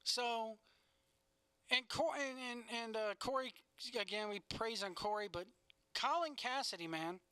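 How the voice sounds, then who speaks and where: Blunt, cursing man with a bright voice. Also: very high voice, unhurried, clear, resonant tone, no room sound. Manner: blunt, profane, opinionated rants. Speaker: podcast co-host. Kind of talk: casual wrestling chat.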